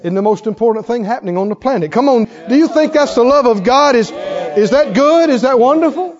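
A man preaching a sermon with fervor, swinging from hushed tones to shouts. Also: very high-pitched, lively intonation, brisk, a crowd in the background. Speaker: pastor. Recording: dull sound in a long-reverb hall.

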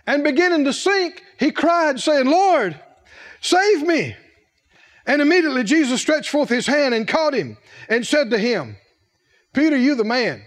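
Animated older male preacher, reverberant hall. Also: extremely high pitch, a little slow. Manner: animated, playful, laughs often. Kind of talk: sermon.

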